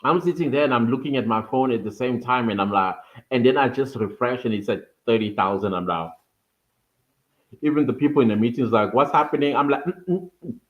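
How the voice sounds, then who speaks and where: A man hosting a casual livestream, animated and laughing often as he thanks his viewers by name. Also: mid-range voice, a little fast, dull audio. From South Africa. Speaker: livestream host.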